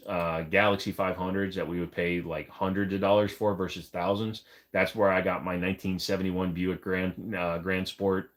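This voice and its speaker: Low-voiced male streamer, casual joking chat with lots of fillers. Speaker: live stream host. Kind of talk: casual live chat reading comments.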